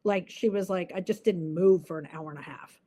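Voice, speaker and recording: A woman's voice: lowish voice, normal speed, dark tone. A woman guest in an interview, telling a personal story earnestly and vividly, with many fillers.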